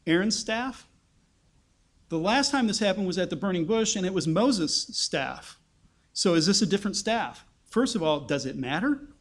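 A man preaching a conversational Bible-teaching sermon, asking his listeners rhetorical questions. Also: high-pitched.

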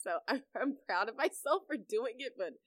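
A young adult woman co-hosting a casual chat, telling stories with lively acted-out reactions and frequent laughter. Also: a little high, moderate pace, no room sound. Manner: animated storyteller, acts out her own reactions loudly, laughs often. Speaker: podcast co-host.

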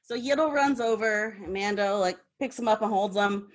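A woman's voice: mid-range voice, moderate pace. A woman hosting a casual podcast, retelling an episode with lots of laughter. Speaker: podcast host. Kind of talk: casual recap chat.

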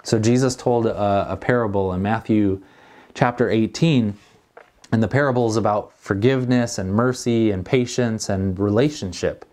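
Middle-aged male pastor, low-pitched, earnest and conversational, preaching a sermon. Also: normal speed, a little mellow.

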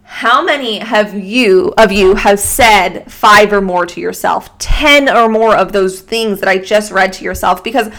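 A woman hosting a solo motivational podcast, talking into a microphone with energetic, casual pep-talk delivery, swearing freely and slightly out of breath. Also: medium pitch, unhurried, hardly any pauses. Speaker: podcast host and fitness coach. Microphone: studio microphone.

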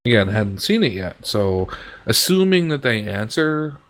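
A man's voice: medium pitch, very animated, measured pace. A man chatting on a podcast as co-host, giving dry short replies and hesitating with many ums. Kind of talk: casual chat.

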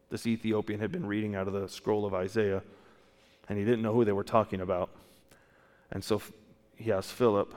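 A man's voice: fairly low pitch, steady tone, brisk, a little mellow, in a large hall. A man preaching a sermon as a pastor, asking his listeners one question after another and often restarting his sentences. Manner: asks many rhetorical questions, with restarts. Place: church.

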